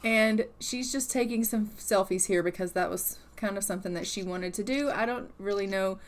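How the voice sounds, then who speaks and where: A woman's voice: medium pitch, moderate pace. A woman giving casual, rambling commentary on a life-sim game she is playing, often hedging her thoughts. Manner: chatty and rambling, hedges often.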